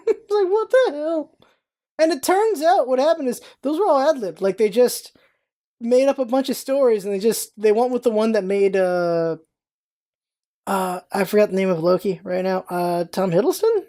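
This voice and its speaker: A young woman chats through a movie review for her vlog, excitable and rambling. Her voice is mellow and warm, and she keeps breaking into playful impressions of the characters. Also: on the high side. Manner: chatty, excitable, rambling with many restarts; acts out characters' lines in quick impressions.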